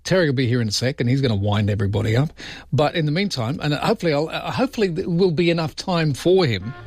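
Australian man hosting talkback radio. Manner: chatty, rambling, mock-indignant with high-pitched outbursts. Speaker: overnight radio host. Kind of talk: casual late-night talkback radio. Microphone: studio microphone.

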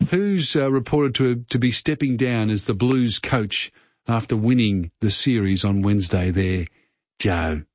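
This is casual talkback radio: an Australian man in a mid-range voice hosts a phone-in quiz, friendly and rambling, with fillers and restarts. The broadcast is slightly muffled and carries no room sound.

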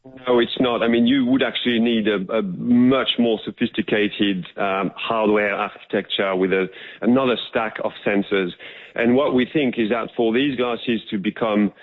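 Man, French accent, lowish voice, tinny phone line, earnest sales pitch. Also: steady tone, normal speed. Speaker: tech company guest. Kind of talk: phone interview.

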